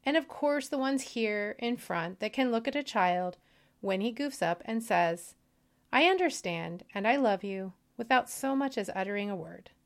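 A woman's voice: mid-range voice, lively intonation, moderate pace, vocal fry. A woman voicing God as a patient, weary male creator while reading a story aloud. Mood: fond.

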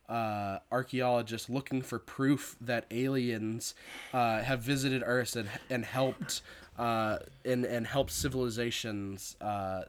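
Man, casual chat, rambling, lots of ums and restarts, movie recap. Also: lowish voice. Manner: rambling, many fillers and restarts.

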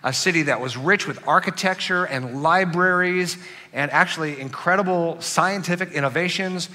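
Bright-voiced man preaching. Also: on the high side, moderate pace. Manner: animated, acts out angry outbursts. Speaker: pastor. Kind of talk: sermon.

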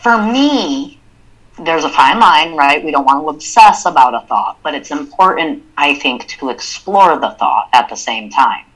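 A woman's voice: deep voice, animated, a little slow, a bit bright, husky, poor audio. A woman co-hosting a podcast, talking in a reflective, casual way and working through ideas with examples. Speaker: podcast co-host. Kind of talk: casual chat.

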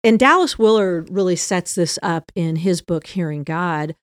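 A woman hosting a faith podcast, speaking in a relaxed, conversational way. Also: on the low side, normal speed, dry recording, clean studio sound. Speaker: podcast host.

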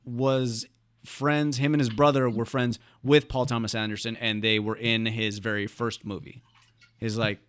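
A man's voice: medium pitch, little pitch movement, normal speed, a bit bright, clear, resonant tone. A man hosting a casual podcast chat, easygoing and steering the talk along. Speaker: podcast host.

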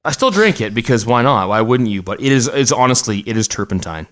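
A man's voice: mid-range voice, lively intonation, brisk, fairly bright tone. A middle-aged man co-hosting a podcast, chatting casually with jokes and a lot of restarts. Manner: rambling, joking, many restarts. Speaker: podcast co-host. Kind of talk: casual chat.

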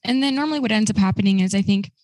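A woman's voice: mid-range voice, very fast, darkish tone, no echo, poor audio. Earnest woman in a dry, close podcast voice. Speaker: guest, recovery ministry co-founder. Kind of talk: casual podcast interview.

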